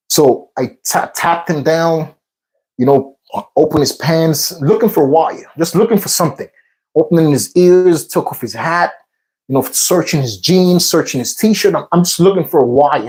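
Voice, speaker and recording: Here the vlog host rambles through a personal story between sets, retelling bits over and over with plenty of fillers. His voice is on the high side with a darkish tone, captured in a low-quality recording.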